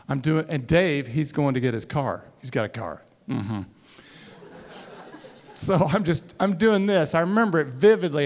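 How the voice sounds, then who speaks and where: A man telling a self-mocking personal story to a live audience on stage, acting out the dialogue. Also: medium pitch. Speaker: speaker. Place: stage before a college audience.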